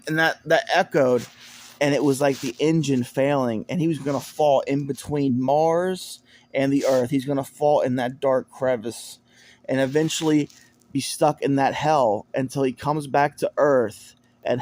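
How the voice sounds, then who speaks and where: A man's voice: mid-range voice, a little mellow, dry recording. A man telling a personal story in a casual, rambling way, often repeating words and restarting sentences. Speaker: storyteller recounting personal experience. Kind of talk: casual spoken monologue.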